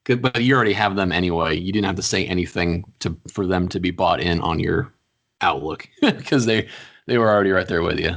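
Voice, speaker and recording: A young man co-hosting a podcast, talking in a blunt, profane and animated casual chat. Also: deep voice, fairly quick, vocal fry. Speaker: podcast co-host.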